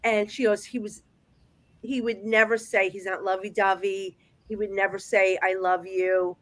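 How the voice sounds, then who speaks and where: A woman working as a psychic medium, telling stories in a chatty, animated way on a video call. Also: mid-range voice, moderate pace. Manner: chatty, animated storyteller with frequent restarts. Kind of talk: casual storytelling chat.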